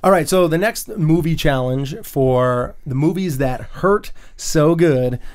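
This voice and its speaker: A man hosting a casual movie podcast, animated and laughing often as he acts out scenes. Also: fairly high pitch, a little slow. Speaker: podcast host.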